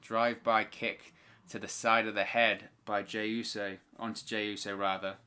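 Bright-voiced man calling wrestling live. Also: lowish voice, little pitch movement, moderate pace, smooth. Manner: opinionated, exasperated rants. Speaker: watch-along host.

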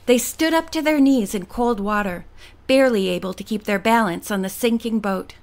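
A woman narrating an audiobook with a steady, expressive delivery. Her voice sits a little on the high side. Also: moderate pace. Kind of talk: audiobook reading.

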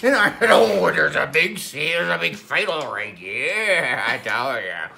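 A woman doing a gravelly old pirate captain. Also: deep voice, expressive, measured pace, sharp tone, a little hiss or hum, full character voice. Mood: excited. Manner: rambling, theatrical yarn-spinning with laughs. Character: boastful old male pirate captain, rum-loving storyteller. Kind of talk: comedic character sketch.

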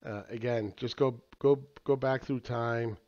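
A man's voice: medium pitch, steady tone, unhurried, darkish tone. A man giving casual, crude market commentary, rambling with filler words, profanity and laughs. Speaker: market analyst. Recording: slightly dull lo-fi audio.

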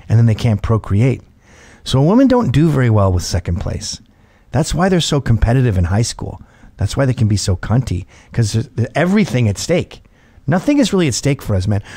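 Telling a story on his show, a middle-aged host keeps things loose, comic and full of swearing, and he lively mimics others with high-pitched squeals.

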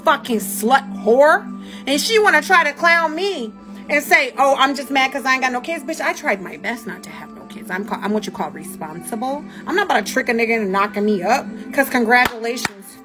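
A woman's voice: on the high side, expressive, brisk, over music. A young woman, ranting and cursing heatedly as a livestream host. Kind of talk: angry ranting commentary.

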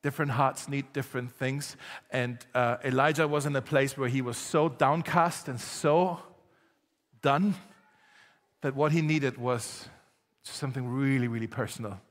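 Pastor preaching in a reverberant church. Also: male voice, mid-range voice, steady tone, a little slow. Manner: storytelling, conversational with laughs, rising to emphatic exhortation. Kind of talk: sermon. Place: church hall.

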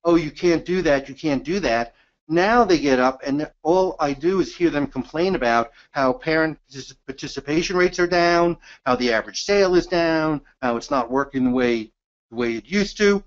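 Emphatic New man, slightly high voice. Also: normal speed. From New York. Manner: emphatic, energetic, self-described cynic. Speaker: photography educator. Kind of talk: animated storytelling workshop. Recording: dull lo-fi recording.

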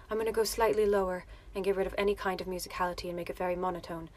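A woman's voice: fairly low pitch, steady tone, rapid-fire, few pauses, dry recording. A woman showing how she does character voices, explaining each technique as she goes. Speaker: voice impressionist. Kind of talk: voice acting tutorial.

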